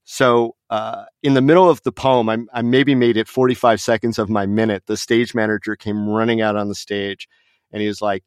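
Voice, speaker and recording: A lower-pitched, middle-aged man from Las Vegas spins a long anecdote as a podcast guest, laughing and acting out other people's voices. His voice sits close and dry on the mic, with no room around it. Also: normal speed, smooth, no room sound. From Las Vegas, USA. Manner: animated anecdote teller, laughs often, acts out voices. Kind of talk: casual storytelling chat.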